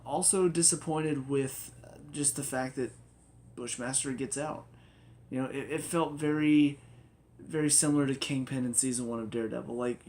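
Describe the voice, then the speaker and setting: A man's voice: mid-range voice, a little mellow, slight background noise. A man giving a casual video review of TV episodes, chatty and rambling, with an enthusiastic way of talking. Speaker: TV review vlogger.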